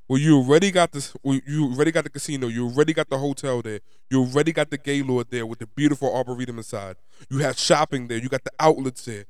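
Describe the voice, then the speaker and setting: A young man from New York, his New York accent coming through as he rants. He talks in an emphatic, profane, fed-up way, like a fan vlogger venting. His voice is smooth and resonant, recorded dry and close. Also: fairly high pitch, dry recording. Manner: frustrated, profane, emphatic ranting. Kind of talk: ranting fan commentary.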